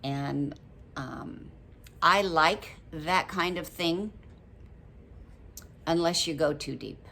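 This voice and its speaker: With a deep, creaky, slightly bright voice and a very slow delivery, a vlogger in her seventies talks casually to camera about a book. Her chat rambles a little, full of ums and frequent laughter.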